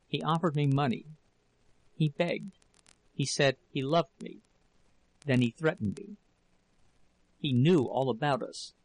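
A man voicing a frightened, ashamed young working woman in an audiobook, speaking softly in halting pieces. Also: mid-range voice, gravelly, poor audio. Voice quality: faltering, soft and broken. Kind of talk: audiobook character reading.

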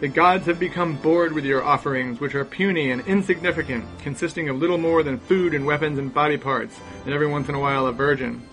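A man's voice: on the high side, fast, hardly any pauses, fairly bright tone, soft background music, poor audio. A man playing pompous tribal priests. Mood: proclaiming.

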